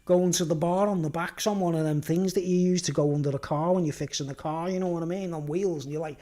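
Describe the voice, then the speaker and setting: A man's voice: a little high, steady tone, fast, mellow. A man rambling through a casual rant, laughing often and tagging his sentences with "right?" and "mate". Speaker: video blogger. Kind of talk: casual ranting monologue.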